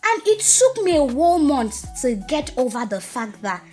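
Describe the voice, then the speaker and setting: A woman's voice: high-pitched, normal speed, faint music behind. Earnest woman sharing testimony. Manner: earnest, animated storytelling with laughter. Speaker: podcast guest. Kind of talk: candid personal testimony.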